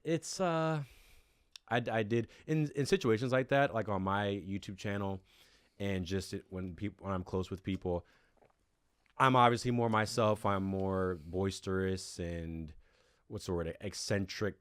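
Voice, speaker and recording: A man's voice: on the low side, unhurried, clear, resonant tone, no room sound, studio quality. A man casually recapping a reality show on a podcast, laid-back and swearing freely as he tells stories.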